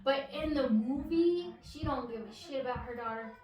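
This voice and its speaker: Young woman, high voice, slow unhurried talk, blunt, roomy sound. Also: darkish tone. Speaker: book club co-host. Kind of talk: casual family chat. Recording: roomy sound, distant mic.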